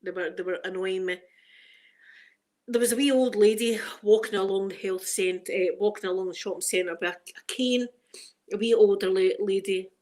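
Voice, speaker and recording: A woman's voice: mid-range voice, steady tone, normal speed, darkish tone, a little hiss or hum. A middle-aged woman with a Glaswegian Scottish accent, hosting a casual ASMR chat and rambling through stories full of local slang. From Scotland. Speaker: ASMR channel host.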